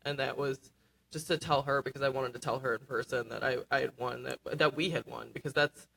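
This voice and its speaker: A woman guest on a radio interview, talking earnestly with many pauses and fillers. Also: very deep voice, fairly even intonation, gravelly, a bit bright, low-quality recording. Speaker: award-winning student scriptwriter guest. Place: radio studio.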